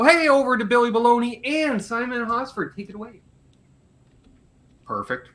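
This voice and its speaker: A man hosting a live stream Q&A chat, quickly and jokingly reading out viewer names. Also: extremely high pitch, sing-song, fairly bright tone. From Canada. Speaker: host.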